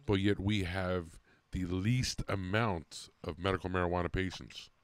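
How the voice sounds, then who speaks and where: Very low-voiced man from New Jersey. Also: fairly even intonation, normal speed. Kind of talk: casual podcast chat.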